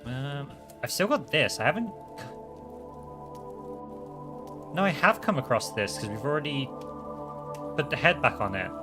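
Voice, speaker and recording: A man's voice: medium pitch, animated, moderate pace, music in the background. A man giving casual commentary while playing a video game, chatting and swearing freely between puzzles. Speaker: game streamer.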